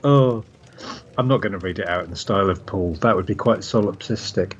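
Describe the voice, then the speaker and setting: A man's voice: deep voice, fast talker. A man co-hosting a podcast, chatting casually and reading out listener messages with frequent hesitant restarts. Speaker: podcast co-host. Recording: slightly dull sound with faint noise.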